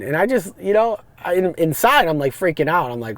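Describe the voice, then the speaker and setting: Animated man telling stories in his car. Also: fairly high pitch, moderate pace. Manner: animated, rambling, frequent restarts and fillers. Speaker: podcast host, rideshare driver. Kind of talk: casual storytelling monologue. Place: parked car.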